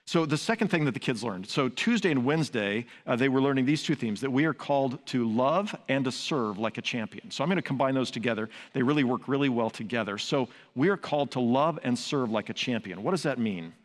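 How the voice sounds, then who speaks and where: A man's voice: medium pitch, animated, a little fast, few pauses. An older man preaching a sermon, earnest and conversational, mixing teaching with personal stories. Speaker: pastor. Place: large church sanctuary. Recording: long reverb of a large sanctuary.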